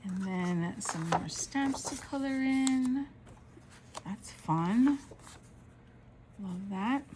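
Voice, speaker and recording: A woman's voice: mid-range voice, animated, extremely slow, background noise. A woman vlogger narrating a casual show-and-tell of craft supplies, gushing and exclaiming over each item.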